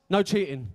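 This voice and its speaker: A man's voice: fairly high pitch, darkish tone. A man emceeing a live beatbox event on stage, chatty and joking as he hypes the crowd. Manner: hyping the crowd, chatty and jokey. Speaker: event host.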